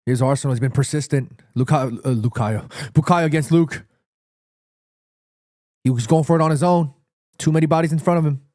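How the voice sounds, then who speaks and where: A man commentating live on a football match for his stream, reacting excitedly and shouting at players. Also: a little high, dry recording, studio quality. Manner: repeats himself, quick restarts. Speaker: watchalong streamer.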